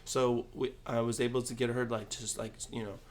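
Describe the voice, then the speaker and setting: A young man co-hosting a casual podcast chat, laid-back, with short agreeing replies and halting stories. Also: mid-range voice, level tone. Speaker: podcast co-host.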